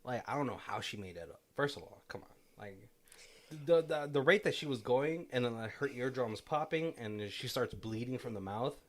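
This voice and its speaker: A man co-hosting a casual movie podcast, talking in a rambling, animated way and laughing often. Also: medium pitch, normal speed. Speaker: podcast co-host.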